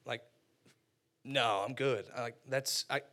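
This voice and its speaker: A man's voice: medium pitch, slow pace, pushed and bright, voice pushed down. A man playing a doubting disciple who stammers in a flustered, anxious way.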